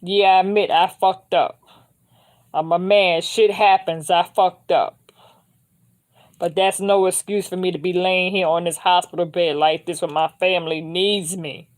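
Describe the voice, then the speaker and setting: A woman's voice: on the low side, steady tone, a little slow, close to an everyday voice. A woman voicing a desperate grown man who pleads from a hospital bed, repeating himself over and over. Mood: pleading.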